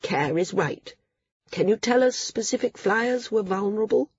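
A woman's voice: mid-range voice, lively intonation, moderate pace, husky, dry recording, highs cut off, pitched above the performer's own voice. A woman voicing a stern, caring older teacher who speaks firmly, in a storybook reading. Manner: firm, commanding.

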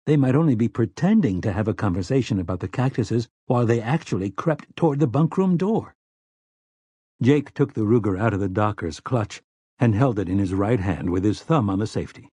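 A man narrating an audiobook in a steady, measured storytelling manner. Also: lowish voice, husky, no room sound. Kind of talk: scripted narration.

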